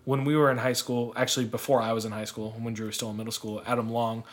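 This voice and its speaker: A man's voice: mid-range voice, flat delivery, fast. A young man co-hosting a podcast, telling a sports story in casual chat, rambling and laughing often. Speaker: podcast co-host.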